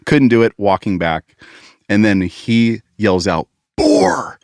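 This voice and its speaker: Deep-voiced man telling a hunting tale. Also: measured pace, smooth, no echo, clean studio sound. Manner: animated anecdote-telling, laughing often. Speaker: guest on church staff. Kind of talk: casual storytelling.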